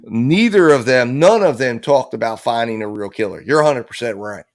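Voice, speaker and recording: A man in the middle of the male pitch range lays out his theory of a case as a commentator. He pushes his points hard and repeats phrases for emphasis. He drops curses without hesitation. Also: expressive, moderate pace. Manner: emphatic and blunt, with frequent profanity and repeated phrases. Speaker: host of a true crime legal analysis show. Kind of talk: impassioned legal commentary.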